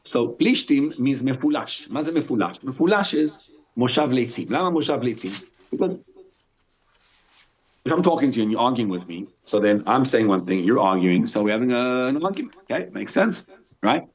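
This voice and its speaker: Husky rabbi teaching an animated class. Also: male voice, medium pitch, quick pace. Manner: animated, asks and answers his own questions. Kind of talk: live Torah lesson, mixing English with Hebrew text. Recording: dull lo-fi sound.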